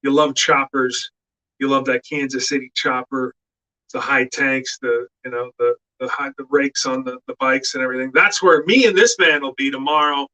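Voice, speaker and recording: Animated, bright-voiced middle-aged man. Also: mid-range voice, moderate pace, low-quality recording. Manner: animated storyteller who shouts out quoted lines. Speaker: guest actor. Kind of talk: casual storytelling chat.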